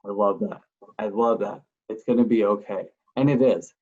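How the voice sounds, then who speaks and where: A man's voice: lowish voice, fairly even intonation, normal speed, darkish tone. Affirming man hosting a podcast. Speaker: podcast host. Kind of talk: casual interview. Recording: dull, distant podcast audio.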